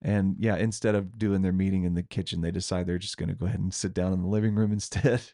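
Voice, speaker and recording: A man with a low, gravelly voice co-hosts a podcast and tells a ghost story in a loose, rambling way. He laughs often as he goes. The sound is dry and close, with no room around him. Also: fairly even intonation, fast talker, dark tone, no room sound. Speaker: podcast co-host. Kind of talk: casual chat, telling a ghost story.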